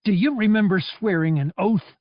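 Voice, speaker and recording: A man reading an audiobook, voicing a big male pilot who speaks calmly and mercilessly. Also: high voice, moderate pace, no echo, highs cut off, voice pushed up, natural voice. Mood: stern. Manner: cold, calm and merciless.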